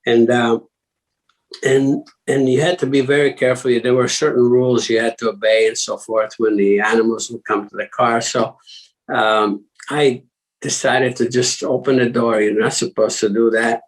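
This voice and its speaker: A man's voice: mid-range voice, level tone, normal speed, low-quality recording. An older man from Italy, a former racing driver as interview guest, telling stories in a rambling way with many fillers and restarts. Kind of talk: casual interview talk.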